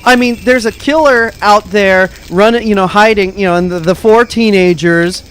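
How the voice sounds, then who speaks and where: A man's voice: sits high, normal speed, fairly bright tone, smooth, low-quality recording. A man co-hosting a radio movie review, rambling through plot points and laughing often. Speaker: radio show co-host. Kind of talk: casual movie review chat.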